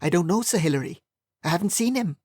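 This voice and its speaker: A man's voice: high voice, animated, fast talker, darkish tone, no room sound, clean studio sound. A man voicing a polite, subdued young male valet who speaks with a mild Welsh lilt. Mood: unsure. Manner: deferential, apologetic.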